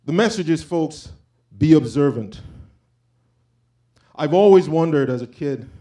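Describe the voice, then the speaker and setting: A man's voice: fairly high pitch, expressive, measured pace, mellow. A man giving an informal, impassioned sermon, talking conversationally and quoting scripture. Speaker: preacher.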